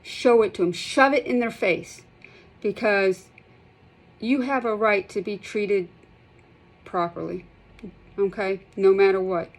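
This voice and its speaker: A woman's voice: mid-range voice, fairly even intonation, takes it slowly, pauses often, poor audio. A middle-aged woman, speaking in an emotional vlog, impassioned and upset, shaky and close to tears, repeating herself and restarting sentences. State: shaky, holding back tears. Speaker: healthcare provider sharing her withdrawal experience.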